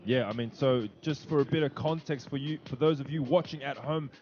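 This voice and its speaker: A man commentating a competitive esports match in a loose, chatty manner. He banters and teases his co-caster between calls, his voice sitting in an ordinary middle pitch. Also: a little fast, a little mellow, lo-fi sound, faint music behind. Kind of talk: casual play-by-play commentary.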